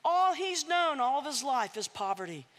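A woman's voice: high voice, sing-song, normal speed, fairly bright tone, big-room sound. A woman preacher telling a story as a sermon, with a dramatic, swooping delivery and wry asides.

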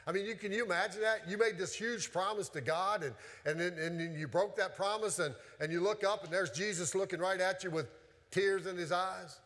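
A man preaching a sermon from the pulpit, earnest and searching, circling back on his words with questions for the congregation. His voice sits a little high for a man and rings out through a church with a long, lingering reverb. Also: brisk, fairly bright tone. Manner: earnest, with frequent restarts and rhetorical questions. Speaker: pastor. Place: church sanctuary.

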